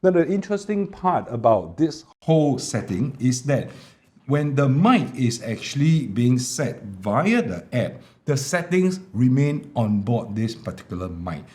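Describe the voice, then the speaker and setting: A tech reviewer records a product demo vlog at home, casually showing off a small wireless clip mic. His voice sits at a medium pitch and moves a little slowly, with a relaxed explaining style full of fillers. An air conditioner runs in the room.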